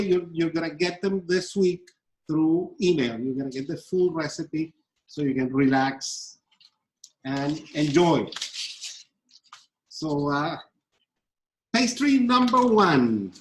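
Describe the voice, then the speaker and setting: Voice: mid-range voice, low-quality recording. A presenter giving a live cooking demonstration, speaking hesitantly with many fillers and restarts and explaining step by step. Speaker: pastry demonstrator.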